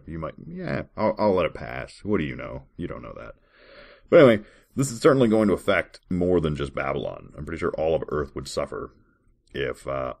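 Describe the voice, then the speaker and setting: Podcast host, man, sarcastic commentary, very deep and husky. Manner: sarcastic, incredulous asides. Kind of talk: casual commentary with scripture reading.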